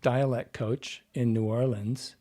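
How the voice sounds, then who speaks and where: A man's voice: medium pitch, steady tone, slow, dark tone. A man who works as a dialect coach, telling stories in a rambling, casual interview with many fillers and restarts.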